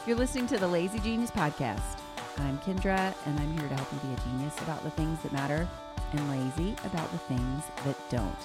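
A woman's voice: low voice, fairly quick, loud music behind the voice. A woman hosting a podcast in casual chat, chatty and teasing, often breaking into giggles, recorded in a living room. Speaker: podcast host.

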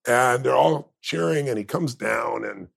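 Male interview guest with a deeply gravelly, husky voice, passionate, emotional storytelling. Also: unhurried, a bit bright. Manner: emotional, impassioned, emphatic. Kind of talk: heartfelt conversational storytelling.

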